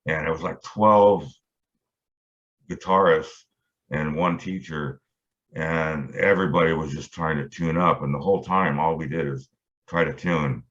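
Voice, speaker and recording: A man's voice: a bass voice, fairly even intonation, unhurried, a bit bright. A middle-aged man, a guitarist being interviewed, telling a long story in a rambling way with lots of fillers and restarts. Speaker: guitarist guest. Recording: dull lo-fi audio.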